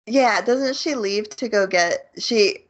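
A woman's voice: medium pitch, slow, lo-fi sound. A woman co-hosting a podcast, chiming in with giggles during a casual anime recap. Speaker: podcast co-host.

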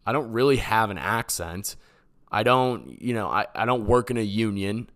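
This Boston-area podcast host has a lowish, expressive, fairly bright voice and a moderate pace. Answering voicemails, he jokes sarcastically and rambles with fillers.

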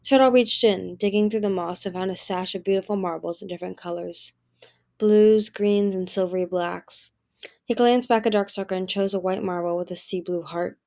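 A woman narrating a fantasy novel as an audiobook, steady storytelling with occasional restarts. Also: mid-range voice, moderate pace.

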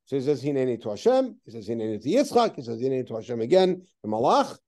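A man leading a text study class, reading Hebrew verses aloud and then explaining them with lively, questioning remarks. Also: mid-range voice, quick pace. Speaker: teacher.

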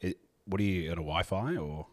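A man's voice: deep voice, fairly quick, a little hiss or hum. A man hosting a casual video call, joking, swearing and laughing often. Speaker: host.

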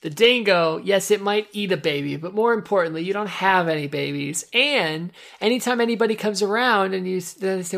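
A woman in casual comedic chat, delivering dry deadpan one-liners. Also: mid-range voice, normal speed, vocal fry, hardly any pauses.

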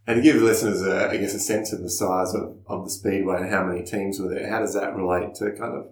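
A man's voice: low voice, steady tone, quick pace, echoey room. A man, hosting a podcast and asking loose, rambling questions while laughing along with his guests. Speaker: podcast host. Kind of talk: casual podcast interviewing.

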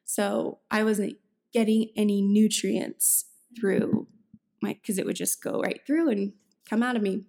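Young woman cohost telling her story, relaxed chatty podcast talk, bit of a gravelly edge. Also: medium pitch, measured pace. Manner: candid personal storytelling. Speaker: podcast co-host. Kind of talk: casual podcast chat.

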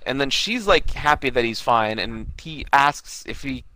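A man's voice: mid-range voice, lively intonation, measured pace, pushed and bright, dry recording, low-quality recording. A man co-hosting a podcast, recapping a cartoon episode in loose, rambling casual chat.

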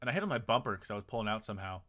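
A young man with a bright, forceful voice talks loosely on a podcast. He swears often and laughs his way through stories about himself. His tone stays relaxed and conversational. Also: fairly low pitch, racing. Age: young adult. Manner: laid-back, swears a lot, laughs while telling stories. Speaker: podcast co-host. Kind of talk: casual chat.

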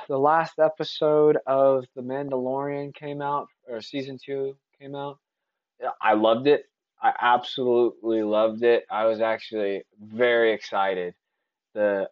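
A man's voice: lowish voice, dry recording, lo-fi sound. A man from Texas hosting a casual solo podcast, talking in an opinionated, rambling way with frequent restarts. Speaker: podcast host.

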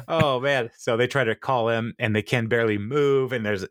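A man's voice: medium pitch, expressive, slow, long pauses, fairly bright tone, dry recording, clean studio sound. A man co-hosting a podcast, recapping a TV episode in casual chat and laughing often as he retells scenes. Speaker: podcast co-host.

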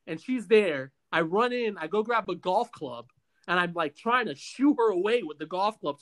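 A man hosting a podcast, telling a long story in a casual, animated way with many stammers and restarts. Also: sits high. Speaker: podcast host.

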